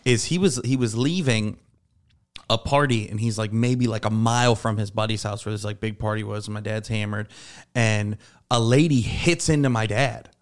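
A man telling a casual, animated story with plenty of swearing and "like" fillers. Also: on the low side, moderate pace. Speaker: comedy podcast guest.

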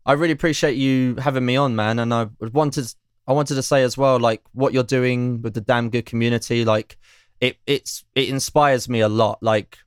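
A man's voice: medium pitch, steady tone, normal speed, clear, resonant tone, dry recording, studio quality. A man speaking as a guest on a casual podcast, earnest and agreeable, dropping "like" often.

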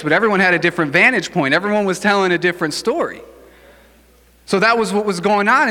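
Bright-voiced man preaching casually. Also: fairly high pitch, long reverb tail. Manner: casual, joking, conversational preaching. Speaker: pastor. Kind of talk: sermon.

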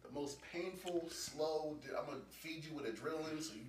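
A man in casual chat, animated and profane, laughing often. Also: on the high side, fairly quick. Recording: echoey room, mic a bit distant, faint noise.

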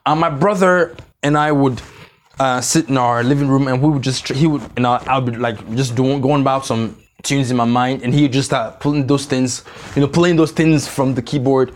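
A man preaching a sermon, slow and emphatic in scripture, then joking and confessional with the congregation. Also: medium pitch, steady tone, slight background noise. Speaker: pastor. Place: church service, streamed online.

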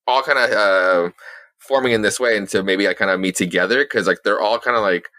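A young man chatting casually about comics on a podcast, rambling and full of fillers and cursing. His voice sits fairly low but comes across bright and forceful. The sound is dry and close. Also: fairly quick, no echo. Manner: rambling, swears a lot, many fillers and restarts. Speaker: podcast co-host. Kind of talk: casual comic book chat.

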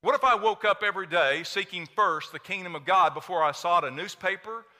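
A man with an Oklahoma accent preaching a sermon to a church congregation, energetic and playful, quizzing the crowd. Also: sits high, brisk. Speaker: pastor. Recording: long hall reverb.

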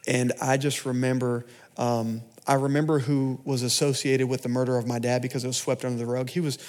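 Man preaching, loud to hushed. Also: medium pitch, flat delivery, a little fast. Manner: emotional storytelling, swings from loud to hushed. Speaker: pastor. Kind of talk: sermon testimony. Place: church.

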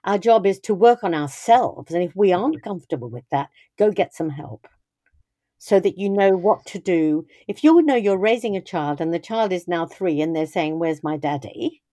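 An older woman speaks in a warm, mellow voice, recorded dry and close. She tells her stories thoughtfully, circling back with restarts and "you know" as she talks about raising children. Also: lowish voice, animated, normal speed, dry recording. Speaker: guest speaking on parenting. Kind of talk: reflective conversational storytelling.

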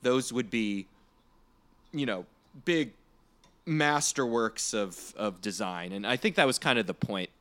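A man's voice: fairly low pitch, lively intonation, measured pace, long pauses, a bit bright. A man in casual podcast chat, talking earnestly with many fillers and repeated phrases.

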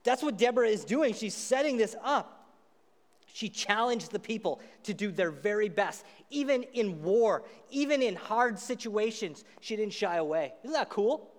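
High-voiced guy preaching, loose chatty storytelling, echoey hall. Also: moderate pace. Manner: casual, animated storytelling preacher. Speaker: pastor. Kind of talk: sermon.

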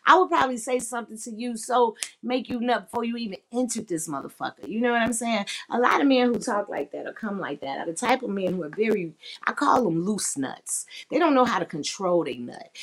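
A woman's voice: mid-range voice, a bit bright. Woman doing a blunt sex podcast, swears a lot, laughs a lot, mid-range voice. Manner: frank, profane, laughs often. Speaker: podcast host. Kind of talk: candid sex-talk podcast monologue.

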